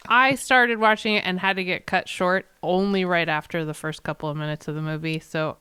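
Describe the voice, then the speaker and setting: A woman's voice: on the low side, steady tone, a little fast, sharp tone, clear, resonant tone, no echo. A woman co-hosting a film podcast, chatting casually with wry jokes. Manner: wry, joking. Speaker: podcast co-host. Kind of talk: casual chat.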